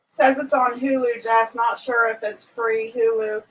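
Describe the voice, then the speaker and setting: A woman with a high, bright voice chats casually with her live-stream viewers. She is outspoken and quick to vent. Her voice sits a little back from the microphone. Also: little pitch movement. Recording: voice a bit distant from the mic.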